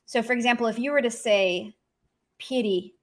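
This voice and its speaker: A woman's voice: fairly high pitch, moderate pace. A woman teaching an online language lesson, talking in a chatty way and acting out sarcastic examples.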